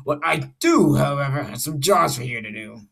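A man's voice: medium pitch, lively intonation, moderate pace, creaky, a bit bright, slightly rough, exaggerated voice. A young man voicing a bossy male railway director who scolds his engines. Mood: commanding.

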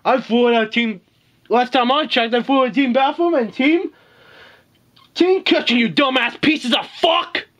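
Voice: high-pitched, normal speed, a bit bright, highs cut off. A performer voicing a rude, defiant stuffed-toy contestant in a homemade puppet drama, talking in a snappy, defensive way.

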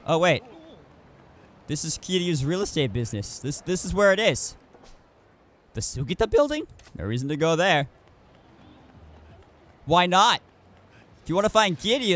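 A man's voice: fairly high pitch, fairly bright tone. A man giving casual commentary while streaming a video game, rambling and often restarting his sentences. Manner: rambling, self-correcting with many restarts.

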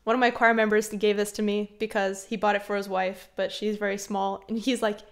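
A woman chatting casually on a live stream, reading chat and giggling often, with soft, mumbly trailing speech. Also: mid-range voice, flat delivery, brisk, vocal fry. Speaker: streamer and singer.

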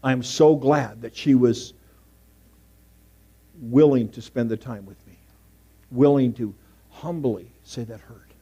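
Middle-aged male pastor preaching in church, anecdotal, shifts from loud to near-whisper. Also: medium pitch, slow, pauses often, breathy edge. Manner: storytelling, swings from loud emphasis to hushed asides. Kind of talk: sermon. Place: church sanctuary.

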